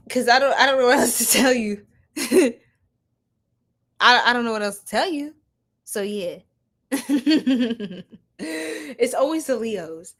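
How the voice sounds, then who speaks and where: Young woman tarot streamer, slightly high voice, unhurried, laughs a lot, slangy chat with her viewers. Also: fairly bright tone. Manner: giggly, slangy, chatting to viewers. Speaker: tarot reader livestreaming. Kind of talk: casual livestream tarot reading.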